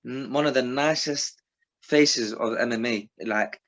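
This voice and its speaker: A man's voice: mid-range voice, unhurried, a bit bright. A man co-hosting a casual podcast, chiming in emphatically. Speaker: podcast co-host. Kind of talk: casual chat.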